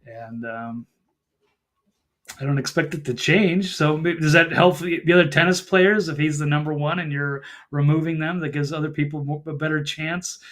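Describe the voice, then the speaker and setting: A man's voice: on the high side, fairly even intonation, normal speed, a bit bright. A man appearing as a journalist guest on a talk show, speaking in an easygoing, hesitant way that often trails off. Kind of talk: casual talk show discussion.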